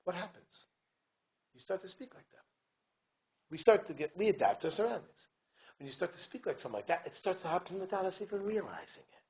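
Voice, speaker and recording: A man, a rabbi giving a community talk, telling stories in an animated way, acting out voices and dropping "right?" asides and restarts. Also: sits high, fast talker. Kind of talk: lively storytelling lecture. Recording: dull lo-fi recording with faint hiss.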